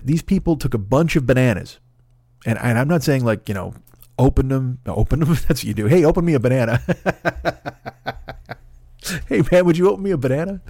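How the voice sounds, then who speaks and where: A man's voice: medium pitch, a little mellow, no echo, studio quality. Profane, exasperated man ranting on a podcast. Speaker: podcast host. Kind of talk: comedic podcast rant.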